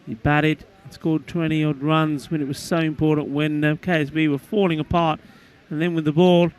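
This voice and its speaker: A man giving relaxed, appreciative cricket commentary alongside a colleague. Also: fairly high pitch, normal speed. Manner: relaxed, appreciative, laughs easily. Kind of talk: live sports commentary.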